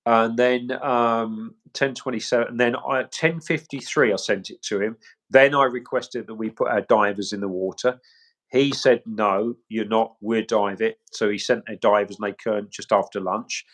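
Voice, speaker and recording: A man's voice: medium pitch, steady tone, moderate pace, fairly bright tone. A middle-aged man, recounting events emphatically in an interview, often quoting what people said. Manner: emphatic, quotes others' words, repeats points. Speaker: search specialist interviewee.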